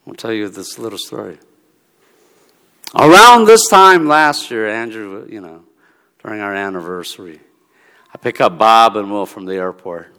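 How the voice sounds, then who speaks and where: A man preaching a sermon in a relaxed, storytelling way, acting out the dialogue of the people in his stories. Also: fairly low pitch, moderate pace, pauses often, clear, resonant tone. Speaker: pastor. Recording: long reverb of a large hall.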